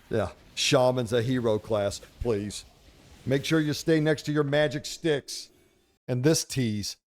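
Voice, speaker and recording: A man's voice: mid-range voice, darkish tone. A man hosting a casual game commentary video, brash and profane, slipping into mock-preachy pronouncements. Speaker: host.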